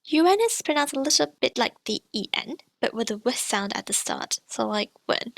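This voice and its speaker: Woman teacher with a gravelly edge. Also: fairly high pitch, lively intonation, no echo. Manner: clear, demonstrates sounds slowly and repeats them. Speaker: language teacher. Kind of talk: explaining pronunciation in a lesson.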